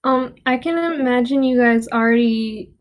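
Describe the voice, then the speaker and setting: A woman's voice: on the high side, little pitch movement, moderate pace. A young woman chatting on a casual podcast over an online call, easygoing and talkative. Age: young adult. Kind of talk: casual chat.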